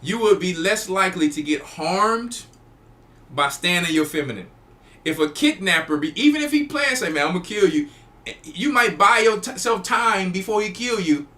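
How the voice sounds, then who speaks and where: A man's voice: high-pitched, bright, forceful tone. A man, a church elder hosting a show, preaching emphatically and repeating phrases. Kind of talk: preaching talk to a live audience.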